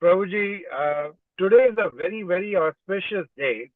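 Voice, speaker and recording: A man's voice: high-pitched, moderate pace, no echo. A man joins a video call from a car, starting hesitantly and then explaining at length. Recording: tinny dry phone-like call audio.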